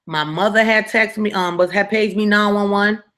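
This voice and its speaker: Young woman spilling a story time, slangy, keeps asking you feel me, bright tense voice. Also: mid-range voice, steady tone, moderate pace. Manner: slangy, conversational, asks listeners if they follow. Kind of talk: casual storytelling to camera.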